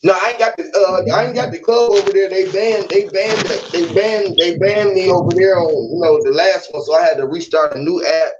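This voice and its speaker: Animated high-voiced man telling stories. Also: brisk, few pauses, slight background noise. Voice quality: animated, profane, laughing often. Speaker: livestream host. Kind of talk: casual chat, storytelling. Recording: dull lo-fi stream audio.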